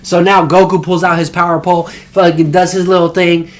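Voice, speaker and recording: A young man casually recapping an anime episode, rambling and excited, with slang and swearing. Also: high voice, fairly quick. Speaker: anime reviewer.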